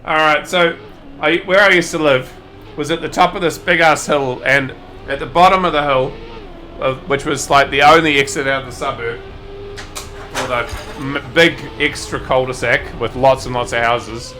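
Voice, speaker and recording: A man's voice: mid-range voice, steady tone, moderate pace, sharp tone, a little hiss or hum. A man with a New Zealand accent, a game streamer telling a rambling anecdote casually, swearing now and then and correcting himself as he goes. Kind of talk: casual storytelling while gaming.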